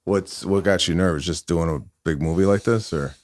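A man in his forties, a guest comedian, answering questions in a measured, thoughtful way. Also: deep voice, no echo, studio quality. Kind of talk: casual chat.

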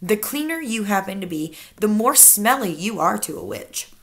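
A woman's voice: mid-range voice, animated, moderate pace, fairly bright tone. A woman reading aloud the part of a stern, wise old grandmother, in a firm, matter-of-fact way. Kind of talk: children's book read-aloud.

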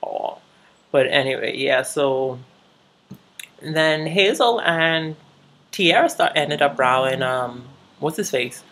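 A woman's voice: deep voice, animated, takes it slowly, a bit bright. A woman vlogger chatting casually while recapping TV shows, swearing freely and laughing often.

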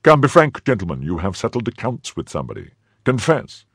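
An imperious older cardinal who fires clipped, commanding questions, as a male narrator puts him on. The voice sits higher and louder than the reader's own, with a husky edge, recorded close and dry. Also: sing-song, a little fast, no room sound, heavily acted.

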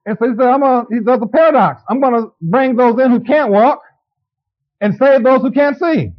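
A man with a notably high voice preaches a sermon, keeping it conversational and turning to the congregation with quick questions. The recording is dull and lo-fi, like an old tape of a church service. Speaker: pastor.

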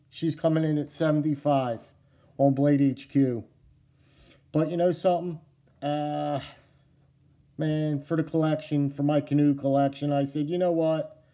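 A middle-aged man with a New Jersey accent talks casually to his camera at home. His voice sits a little high for a man but sounds dark and mellow. He is excitable, repeats himself, and keeps calling his viewers "guys" and "yous.". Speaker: knife collecting vlogger. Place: at home indoors.

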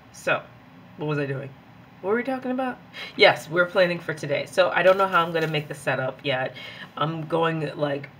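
A woman's voice: low-pitched, a little hiss or hum. A young woman who teaches and studies, chatting casually and rambling as she plans her week in a journal, a little hyped up on coffee. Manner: rambling, chatty, giggly and easily excitable. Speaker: planner vlogger; graduate student and teacher. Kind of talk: casual chat while journaling.

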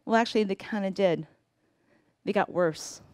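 A woman in her forties telling a personal story on a live storytelling stage, conversational, with pauses and self-corrections. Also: medium pitch, darkish tone, no room sound, clean studio sound.

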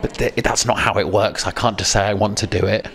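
A man, a comedian guest, bantering in a deadpan, mock-indignant way. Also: lowish voice, a little fast.

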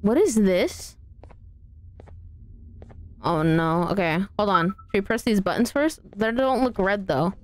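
This woman does live gameplay commentary on a horror game, chatty and playful with her viewers. Her mid-range voice is animated, though she talks a little slowly and leaves long pauses.

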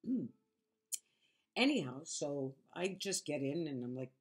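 A woman's voice: sits low, lively intonation, measured pace, long pauses, husky. A woman vlogger telling her story in a casual monologue, frank, sarcastic and emphatic.

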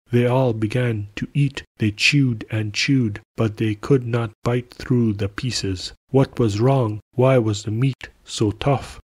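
A male storyteller reading a folk tale in an unhurried, measured manner. His voice is a touch husky and the recording is close and dry, without room sound. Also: mid-range voice, a little mellow, no room sound. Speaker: podcast storyteller. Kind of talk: read-aloud folk tale narration.

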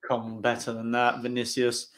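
At a moderate pace and in a mid-range voice, a man hosts his channel's live football watch-along. He chats excitedly and narrates the action as it happens.

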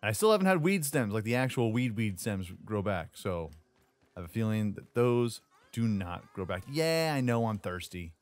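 A man's voice: on the low side, lively intonation, moderate pace. A man giving casual, jokey commentary while playing a survival building game, often taunting the creatures he fights. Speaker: gaming YouTuber.

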